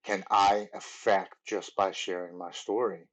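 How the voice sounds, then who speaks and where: A man in his forties with a lowish voice shares his story as a podcast guest. He talks earnestly and in a rambling way, full of "like" and restarts. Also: flat delivery, a little slow, low-quality recording. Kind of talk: telling his recovery story.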